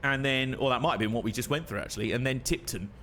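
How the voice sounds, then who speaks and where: Young male streamer, mid pitch, chatty, jokey, self-deprecating, faint hiss behind. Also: fast, bright, forceful tone. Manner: chatty, self-mocking, laughs often. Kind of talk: casual gameplay commentary.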